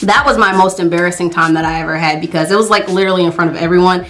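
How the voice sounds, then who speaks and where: A young woman tells a casual storytime on her vlog, chatty and full of fillers, acting out her own thoughts as she goes. Her lowish, slightly bright voice comes rapid-fire over soft background music.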